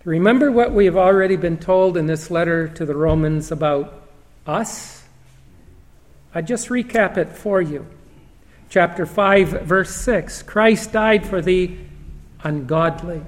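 Slow high-voiced preacher in a reverberant hall. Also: male voice. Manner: slow, emphatic scripture reading with long pauses. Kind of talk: sermon.

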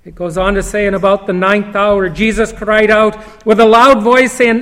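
A man preaching a sermon, reading scripture slowly and emphatically, with long pauses. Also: high-pitched, flat delivery, sharp tone. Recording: long hall reverb.

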